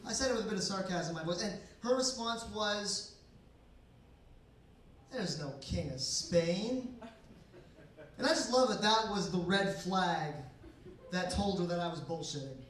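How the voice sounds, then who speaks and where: A young man delivers a stand-up set in a dry, deadpan, sarcastic way, his voice sitting fairly high. He is heard from across an echoey bar basement. Faint room noise sits underneath. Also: brisk. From Canada. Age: 20s. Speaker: stand-up comedian. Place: bar basement comedy night. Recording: echoey room, mic from far off.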